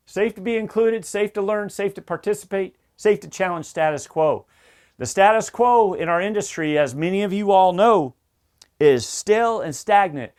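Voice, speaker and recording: High-voiced man coaching safety. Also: animated, moderate pace. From Southern United States. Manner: emphatic, repetitive, coach-like. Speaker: safety instructor. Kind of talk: energetic safety training talk.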